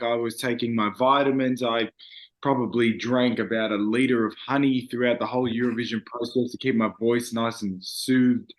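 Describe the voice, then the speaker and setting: A young man, a singer, talking earnestly and reflectively in a casual interview, with frequent fillers. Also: mid-range voice.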